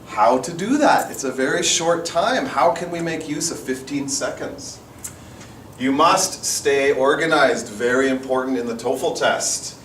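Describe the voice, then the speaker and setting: A man's voice: mid-range voice, a bit bright. A man teaching a test-preparation course, explaining strategies firmly and stressing key points in short phrases. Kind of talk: instructional talk. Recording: roomy echo, far from mic, faint noise.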